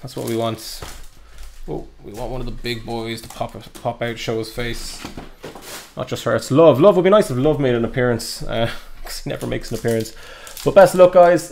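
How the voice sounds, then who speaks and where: Chatty young guy opening card packs live, bit of a gravelly voice, lots of ums. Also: medium pitch, a little mellow, a little hiss or hum. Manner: chatty, upbeat, lots of fillers. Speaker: card breaker. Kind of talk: live card break commentary.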